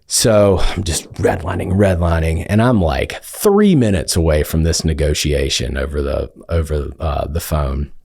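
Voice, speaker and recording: A middle-aged man with a deep, low voice speaks as a guest on an interview podcast. He tells a story from his working life casually and animatedly, restarting phrases as he goes. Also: measured pace, creaky, few pauses, slightly rough. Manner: animated anecdote teller, hesitant restarts. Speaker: podcast guest, entertainment attorney.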